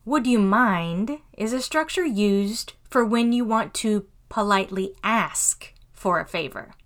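A woman hosting a podcast English lesson, reading example phrases slowly and clearly. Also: medium pitch, expressive. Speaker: English teacher and podcast host.

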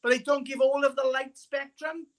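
Bright-voiced Welsh man, rambling. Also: very high voice, little pitch movement, normal speed, slight background noise. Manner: rambling, hesitant, with lots of fillers. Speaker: caller. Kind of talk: casual chat.

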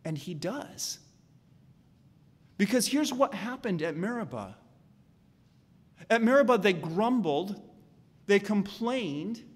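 A male pastor preaching with a high, light voice that rings through a reverberant hall. He is animated and slips into the voices of the people in his story as he tells it. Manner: animated, acts out voices of the Israelites and God. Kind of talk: sermon.

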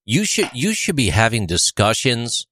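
A man's voice: medium pitch, huge pitch swings, normal speed, a bit bright, slight background noise. A man co-hosting a casual conversation podcast, joking and firing off rhetorical questions. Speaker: podcast co-host.

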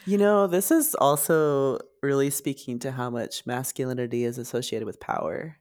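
A woman's voice: extremely low pitch, normal speed, a little mellow. A woman therapist as a podcast guest, speaking thoughtfully and hesitantly, with many fillers. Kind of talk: casual podcast interview.

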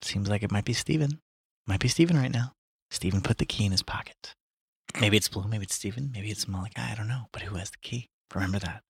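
A man's voice: lowish voice, fast talker, gravelly, slightly rough, dry recording. A man hosting a read-aloud podcast, reading a novel and breaking off for jokey asides. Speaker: host and reader.

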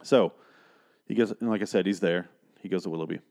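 Lower-voiced man ranting through a recap. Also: a little fast, creaky, darkish tone. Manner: profane, ranting, sarcastic. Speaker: episode reviewer. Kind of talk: casual recap and commentary.

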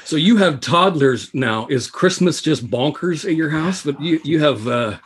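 A man hosting a casual podcast chat, animated and swearing freely as he asks for stories. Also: fairly high pitch, a little slow, slight background noise. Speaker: podcast host.

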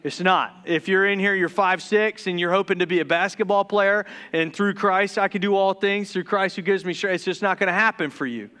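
A young man from the Deep South preaches to his congregation, mixing jokes into the sermon. His voice sits high and sounds smooth and clear. He gets excited and trips over his words, then restarts. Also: brisk, hardly any pauses. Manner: joking, excitable, stumbles and restarts when excited. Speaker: pastor.

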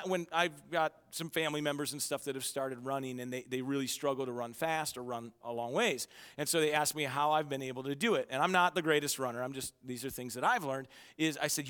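A man preaching a sermon to his church, with energetic storytelling and self-mocking humor. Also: medium pitch, smooth, big-room sound. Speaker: pastor. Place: church auditorium.

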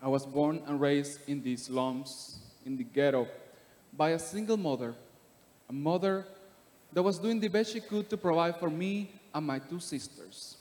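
A man tells his life story before a congregation, earnest and steady. His voice sits a little high for a man. The long reverb of a church sanctuary trails every phrase. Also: unhurried. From Panama. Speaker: guest giving testimony. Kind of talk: personal testimony in church.

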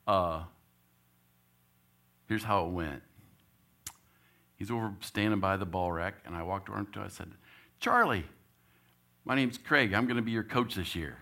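A man's voice: on the low side, normal speed, gravelly, long pauses. A middle-aged man, a church elder, telling a story in a sermon, chuckling often and acting out the voices of the people in it. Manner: animated, laughs often, acts out quotes.

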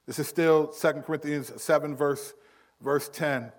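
Higher-voiced man preaching conversationally. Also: steady tone, measured pace. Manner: conversational preaching with acted-out quotes. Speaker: pastor. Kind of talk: sermon.

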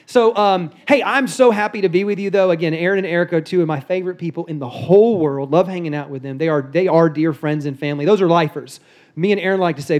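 High-pitched joking male preacher. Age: middle-aged. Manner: joking, lively, conversational. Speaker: guest pastor. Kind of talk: sermon. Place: church sanctuary.

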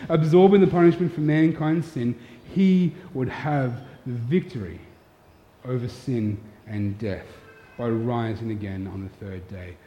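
A man's voice: on the high side, warm tone. A man preaching a sermon, earnest and storytelling, putting direct questions to his listeners. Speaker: pastor. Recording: echoey hall, dull lo-fi sound.

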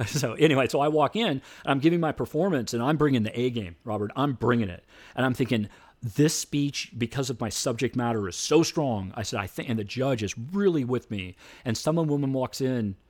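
A man's voice: mid-range voice, brisk. A middle-aged man, a debate coach, telling stories in an interview and acting out the voices of people in them. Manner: animated storyteller, acts out voices. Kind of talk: storytelling interview.

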